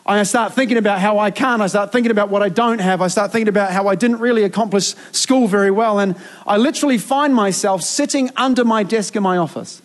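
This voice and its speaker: A man's voice: sits high, fast, few pauses. A middle-aged man, preaching a sermon as a youth pastor, earnest and emphatic with frequent restarts.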